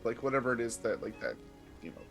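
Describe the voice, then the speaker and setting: A man playing a tabletop game who hesitates and asks questions as he goes. His pitch sits in the middle range, with faint music and rain behind him. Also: expressive, fast, a bit bright. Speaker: player.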